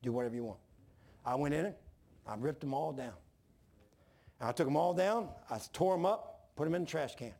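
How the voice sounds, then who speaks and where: A man's voice: fairly high pitch, brisk, gravelly, long pauses. A man preaching a sermon, telling folksy stories and acting out the voices in them. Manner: folksy, animated storytelling, acts out voices in anecdotes. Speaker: pastor. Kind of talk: sermon with storytelling.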